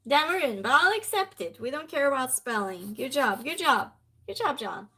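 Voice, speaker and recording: A woman's voice: high-pitched, big pitch swings, normal speed, pushed and bright, husky. A woman hosting a trivia live stream in a casual chat style, reading viewer comments aloud and greeting viewers by name. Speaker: trivia night stream host.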